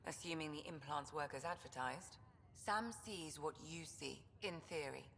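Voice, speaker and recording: A composed alien doctor on a starship, brisk and professional in a video game. Her voice is fairly low, set in a long reverb with faint background hum. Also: creaky, a bit bright.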